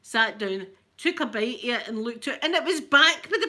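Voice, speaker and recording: Bright-voiced chatty Scottish woman. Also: on the high side, fairly quick, hardly any pauses. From Scotland. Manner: chatty, animated storyteller. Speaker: ASMR channel host. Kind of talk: casual livestream chat.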